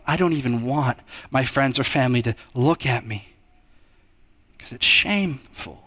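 High-voiced man preaching a sermon. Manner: expressive, swings between hushed and raised delivery.

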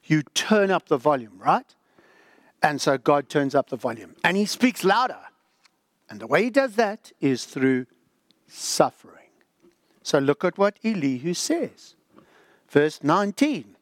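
A man's voice: fairly high pitch, sing-song, unhurried, pauses often, dry recording. An older man preaching a sermon, dramatic and emphatic, sometimes dropping to a whisper. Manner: dramatic, drops to a whisper for the inner voice. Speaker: pastor.

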